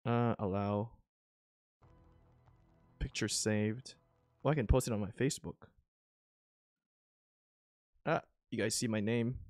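Man, gamer, casual commentary, excitable, slow talker, dry close sound, faint music behind. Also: fairly low pitch, dry recording. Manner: excitable, swings from grumbling to thrilled. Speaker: gamer commentating his own play.

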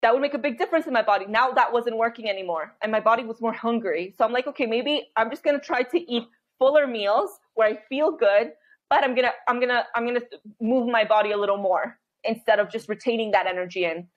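High-voiced animated woman telling stories. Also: fast, dull audio. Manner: animated storytelling, frequent laughter and quoted inner voice. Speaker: podcast guest. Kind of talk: candid podcast conversation.

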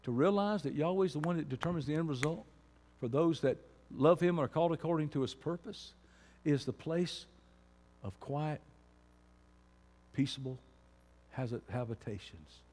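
A man preaching a sermon as pastor, moving from quiet talk to shouting. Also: on the high side, expressive, moderate pace, long pauses, long reverb tail, slight background noise.

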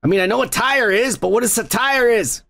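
A man's voice: very high-pitched, animated, fairly quick, vocal fry, pushed and bright. A man hosting a podcast, reading viewer comments aloud in a crude, rambling, mocking way and laughing often.

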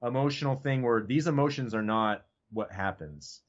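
A man's voice: mid-range voice, moderate pace, dull audio. A man in casual podcast chat as a guest, talking loosely and profanely and leaning on "like" and "you know what I mean.".

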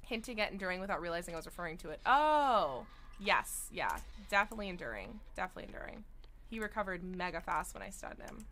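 A young woman streaming a game, chatting excitedly with viewers and breaking into sing-song outbursts. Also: lowish voice, rapid-fire, a little hiss or hum. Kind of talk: live gameplay commentary. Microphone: studio desk mic.

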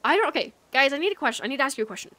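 Chatty girl streamer rambling at chat while she plays, lots of likes and ums, kinda high voice. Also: expressive, very fast, sharp tone. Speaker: livestreamer. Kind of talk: casual chat while gaming.

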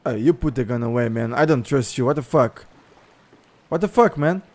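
A Brazilian man with a Brazilian Portuguese accent, excitedly chatting and shouting with other players during an online survival game. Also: mid-range voice, normal speed. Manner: loud, excitable, shouts and laughs, switches between Portuguese and English. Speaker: gameplay streamer. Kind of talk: excited multiplayer game chat.

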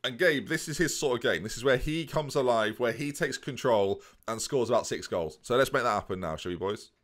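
A man's voice: medium pitch, expressive, brisk, fairly bright tone. A man giving playful, joking let's play commentary on a football management game and talking to his viewers. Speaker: gaming commentator.

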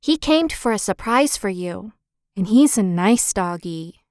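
A woman voicing a small, eager little boy who talks high and excitedly in a storybook reading. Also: measured pace, dry recording, studio quality, natural voice.

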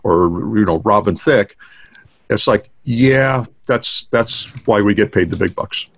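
Older man with a low voice. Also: a little slow, no echo. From United States. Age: 60s. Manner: rambling, many fillers and restarts. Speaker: guest drummer. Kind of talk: casual storytelling interview. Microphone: video call.

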